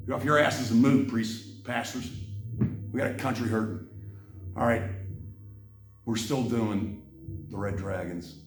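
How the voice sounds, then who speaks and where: A man hosting a heated monologue about religion, swinging from an impassioned rant to a quiet, apologetic tone. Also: mid-range voice, reverberant, distant mic. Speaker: channel host.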